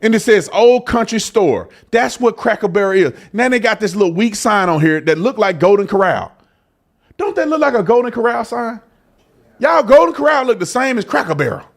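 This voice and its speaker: A man hosting a live news commentary show, animated and joking, talking straight to his viewers. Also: sits high, a little fast, creaky.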